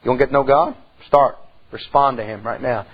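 A middle-aged man preaching a sermon in church, telling a folksy story and swinging from soft to loud. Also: mid-range voice, fairly even intonation, a little fast, slightly rough, lo-fi sound. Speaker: pastor.

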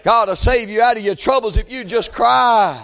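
A man preaching a fervent sermon, often breaking into shouts and punctuating his lines with "amen" and "hey". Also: very high-pitched, normal speed. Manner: calls out "amen" and "hey" between phrases.

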